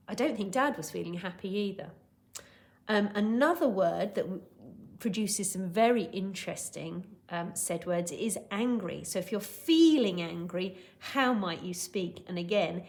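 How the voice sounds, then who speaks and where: A woman teaching a recorded lesson for young children, encouraging and patient, who acts out voices to show each word. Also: medium pitch. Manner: expressive, acts out shouting, whispering and gasping to show words. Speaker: primary school teacher.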